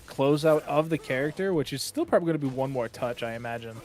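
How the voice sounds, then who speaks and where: A man giving color commentary on a fighting game tournament, relaxed and analytical, with plenty of fillers. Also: mid-range voice, quick pace.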